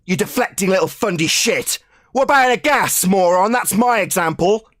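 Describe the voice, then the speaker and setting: A man's voice: high-pitched, animated, moderate pace, a bit bright, dry recording, studio quality. A man in a heated online debate, taunting and insulting his opponent, repeating jeers.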